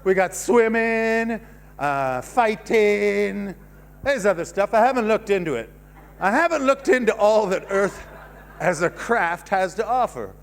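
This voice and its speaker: There's slight background noise as a high-voiced Canadian comic in his fifties rambles on a comedy club stage, swearing, ribbing himself and letting thoughts trail off.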